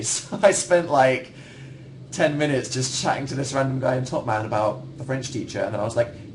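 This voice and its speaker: A young Englishman chatting loosely into his computer at home, replying to viewers. His delivery wanders and turns on himself with dry, self-mocking humor. His pitch sits right in the middle for a man. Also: a little fast, a little hiss or hum. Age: young adult. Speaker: livestream host. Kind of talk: casual livestream chat answering viewers.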